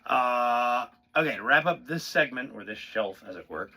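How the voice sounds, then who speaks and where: A man's voice: medium pitch, animated, moderate pace, heavy background noise. A male drummer talking casually through drum rudiments in a loose, profane, rambling way, stopping to count the beats aloud. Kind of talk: casual spoken demonstration. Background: drum pad playing.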